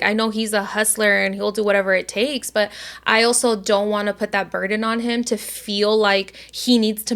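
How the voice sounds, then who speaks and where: A woman co-hosts a podcast in casual, rambling chat, leaning heavily on the filler "like" and swearing freely. Her mid-range voice is gravelly with a fairly bright tone.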